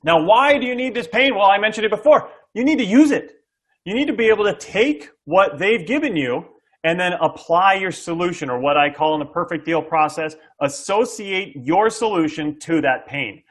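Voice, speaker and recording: Man, middle-aged, sales coach, energetic, fairly high voice, acts out buyer dialogue. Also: moderate pace. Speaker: SaaS sales coach, guest. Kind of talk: explaining sales tactics to an interviewer.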